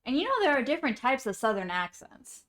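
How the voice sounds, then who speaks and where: A woman with a somewhat high-pitched voice talks casually on a live stream. She rambles as she reacts to comments from her viewers, in an easy, chatty way. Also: sing-song, quick pace, a bit bright. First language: English. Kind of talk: casual chat.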